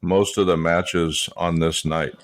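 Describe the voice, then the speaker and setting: A man hosting a podcast in casual chat, unhurried and hedging with ums. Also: sits low, little pitch movement. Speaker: podcast host.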